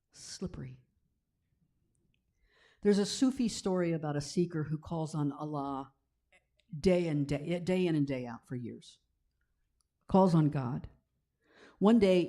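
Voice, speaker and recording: Mellow-voiced woman preaching a sermon. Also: low voice. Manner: conversational, checks in with "right?"; drops to a slow hushed tone for scripture passages. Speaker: minister. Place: church sanctuary.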